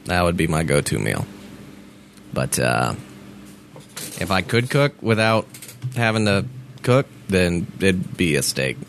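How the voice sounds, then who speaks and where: A low, gravelly man trades deadpan jokes in loose, casual chat, his pitch swinging widely from grumbling lows to sudden yelps. A faint hiss of noise sits under the recording. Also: slow pace, pauses often. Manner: joking, deadpan, swears casually. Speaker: stream co-host.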